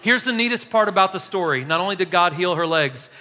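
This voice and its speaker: Bright-voiced pastor in echoey hall. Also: male voice, high voice, fast. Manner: casual, animated, laughs while telling stories. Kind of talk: sermon storytelling. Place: church hall.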